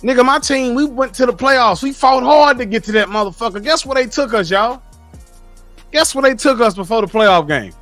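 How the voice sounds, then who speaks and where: Man, high voice, blunt profane lecturing, casual livestream rant, faint music behind. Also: expressive, normal speed, a bit bright, no echo. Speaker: streamer reading live chat.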